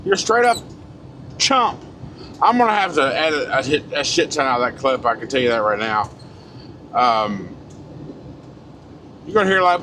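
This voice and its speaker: Road noise from the moving truck fills the background as this forties-aged trucker vlogger gives a blunt, swearing, fired-up rant from the cab. His medium-pitched voice is bright and forceful, moving at a moderate pace broken by long pauses.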